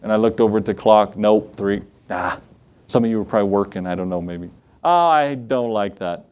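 A man preaching a sermon as pastor, slowing down and rising in pitch for emphasis, then dropping low and quiet for asides. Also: clean tone.

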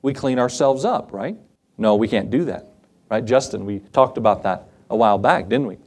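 A middle-aged man preaching a sermon as pastor, animated and acting out Bible scenes in different voices. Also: on the low side, moderate pace, husky.

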